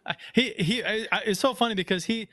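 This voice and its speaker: Fairly high-voiced man hosting a podcast. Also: bright, forceful tone, no room sound. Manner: halting, many restarts. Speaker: podcast host. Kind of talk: casual podcast chat.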